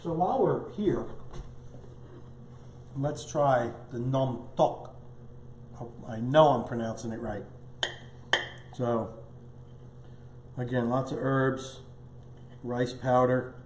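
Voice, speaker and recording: A man's voice: mid-range voice, slow pace, long pauses, darkish tone, echoey room, slight background noise. A man hosting a live cooking show as the chef, upbeat and chatty, tasting and talking as he goes. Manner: upbeat, chatty, talks with mouth full at times. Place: home studio kitchen.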